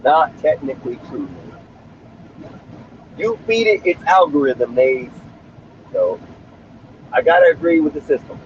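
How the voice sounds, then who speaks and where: A man's voice: a little high, lively intonation, unhurried, long pauses, slight background noise. A man chatting casually on a livestream, talking loosely with profane street slang, from inside a car. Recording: slightly dull lo-fi stream audio.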